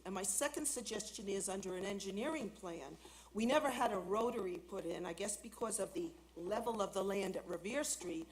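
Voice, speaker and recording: A woman's voice: medium pitch, a little hiss or hum, low-quality recording. A woman resident speaking at a city council hearing, insistently objecting to a development. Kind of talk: public comment at council meeting. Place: council chamber.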